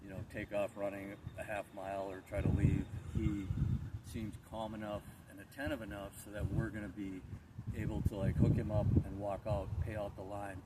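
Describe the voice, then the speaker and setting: A man's voice: lowish voice, completely flat delivery, normal speed. A man working as a dog trainer, casually explaining his methods to a dog owner outdoors, with plenty of fillers, recorded on a camera held a few steps away. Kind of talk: instructing a dog owner on the spot. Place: outdoors on an empty lot. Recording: distant camera mic with loud background noise.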